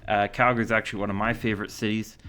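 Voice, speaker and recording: Canadian guy with a lowish voice chatting hockey trades solo, lots of uhs. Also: little pitch movement, racing, bright, forceful tone. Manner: casual, reads out stats and quotes with many fillers. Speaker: hockey commentator. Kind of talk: solo commentary.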